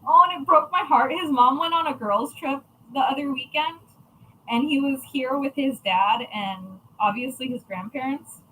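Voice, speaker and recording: A woman's voice: sits high, normal speed, pushed and bright, a little hiss or hum, rough recording. A young adult woman chatting casually to viewers, blunt and chatty with frequent swearing. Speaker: crafting channel host.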